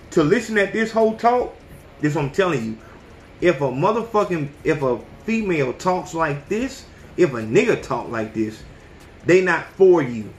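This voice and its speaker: A man's voice: fairly high pitch, echoey room, slight background noise. A man in his thirties hosting a podcast, talking bluntly and profanely in a casual, preachy monologue. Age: 30s. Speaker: podcast host.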